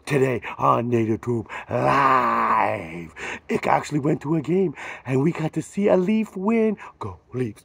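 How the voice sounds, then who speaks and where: Brief: rowdy male sports vlogger, gravelly, swinging up and down in pitch, swearing and hyping. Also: darkish tone, no echo. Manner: rowdy, profane, hyped, rambling. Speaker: vlog host. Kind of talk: rambling casual outro.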